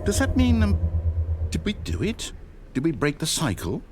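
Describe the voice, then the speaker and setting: A man's voice: a little high, huge pitch swings, normal speed, noisy background. An actor playing a theatrical, wry male narrator in a video game, with a dry storybook delivery. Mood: alarmed. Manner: swings from grand to panicked. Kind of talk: scripted narration.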